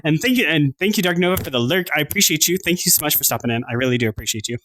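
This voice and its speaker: A man's voice: fairly high pitch, lively intonation, very fast, sharp tone, a little hiss or hum. A man from Southern Pennsylvania chatting casually on a livestream at home. He restarts his sentences, swears casually and thanks his viewers.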